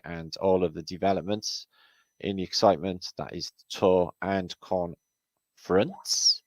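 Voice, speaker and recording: A man hosting a livestream, chatting casually and giving rambling shout-outs to viewers. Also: low voice, dry recording. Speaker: livestream host.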